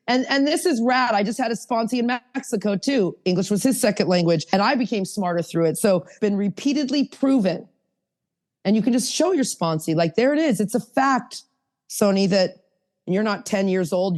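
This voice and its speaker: A woman teaching a sponsorship workshop over a video call, talking in a lively, chatty, coaxing way. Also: medium pitch.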